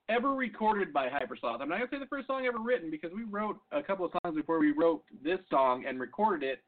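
Rambling, self-mocking high-voiced male host. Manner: rambling, self-mocking, loud hype bursts. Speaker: comedy podcast host. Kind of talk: comic monologue. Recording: phone-like lo-fi audio.

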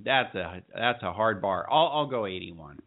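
A man co-hosting a casual chat show, bantering playfully and quick to tease. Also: lowish voice, expressive. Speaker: co-host. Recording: tinny phone-like sound.

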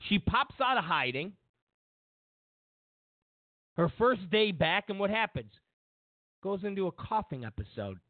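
A man's voice: sits high, sing-song, measured pace, long pauses, no room sound. A man hosting a political commentary show, mocking and sarcastic, repeating lines for emphasis. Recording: tinny phone-like sound.

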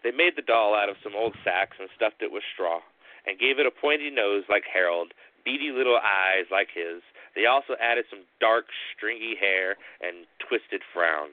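A man hosting a show, narrating a spooky story with slow, dramatic pauses. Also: lowish voice, no echo. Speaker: storyteller host. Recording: tinny phone-like line.

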